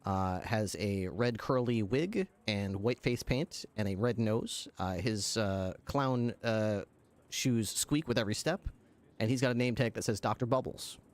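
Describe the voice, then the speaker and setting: A man's voice: fairly low pitch, unhurried. Hesitant male game master. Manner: hesitant, many "uh" fillers, often laughs. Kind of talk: narrating a tabletop role-play.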